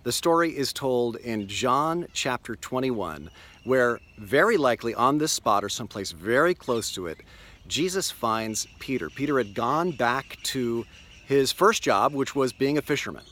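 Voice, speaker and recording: A man's voice: medium pitch, animated, a bit bright. Male pastor, earnest devotional storyteller, recorded outdoors on a lakeshore. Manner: earnest, storytelling, slows for emphasis. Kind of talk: daily video devotional.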